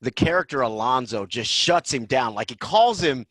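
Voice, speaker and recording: A man hosting a casual podcast chat about a film, excited and breaking into quick acted-out lines. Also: medium pitch, no room sound. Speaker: podcast host. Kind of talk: casual movie discussion.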